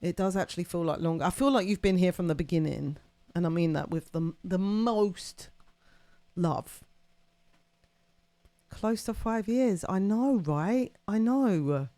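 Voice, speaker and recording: A woman's voice: on the low side, unhurried, no echo. Rambling woman chatting on stream. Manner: rambling, warm, laughs often, lots of "like". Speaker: livestream host. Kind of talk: casual chat with live chat.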